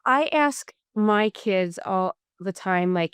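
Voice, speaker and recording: A middle-aged woman speaks earnestly in a casual faith-based chat, telling stories with animation and plenty of "um." Her voice sits at a middle pitch and is smooth and clear. The recording is dry and close. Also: slow, hardly any pauses, no room sound. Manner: earnest, animated storytelling with "um" fillers. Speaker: podcast co-host.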